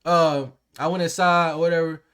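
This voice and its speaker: A young man casually telling a workplace story to camera, animated and slangy, acting out the people in it. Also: a little high, normal speed, smooth. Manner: animated, slangy and profane, acts out quotes.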